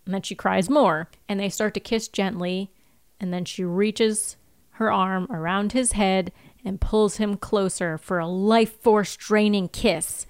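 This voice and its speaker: A woman's voice: mid-range voice, fairly even intonation, measured pace, clean tone, dry recording. A woman co-hosts a casual podcast, walking through a TV episode and laughing as she goes. She slips into little voices for the characters' lines. Her voice sits in a middle range and sounds close and dry. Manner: laughs often, acts out quotes in small voices. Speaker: podcast co-host. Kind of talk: casual chat recapping a TV episode.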